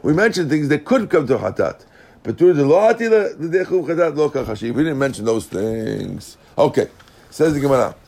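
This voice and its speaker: Animated man teaching a Talmud class. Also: fairly high pitch, brisk, creaky. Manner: animated, checks in with listeners; mixes Hebrew and Aramaic terms into English. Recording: class recording.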